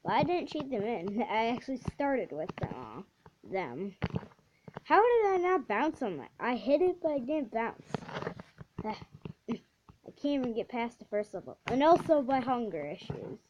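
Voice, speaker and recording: A woman hosts her own gaming channel, talking through her play slowly, with many restarts and sudden excited outbursts. Her slightly high voice swings widely in pitch. The recording is dull and lo-fi, with clear steady noise behind her. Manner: halting, restarts often, bursts into excited exclamations. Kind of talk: casual gameplay commentary.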